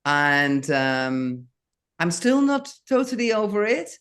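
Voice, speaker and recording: Slow, halting older woman. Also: lowish voice, very animated, clear, resonant tone. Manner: slow, halting, many restarts. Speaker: guest. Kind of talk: casual interview.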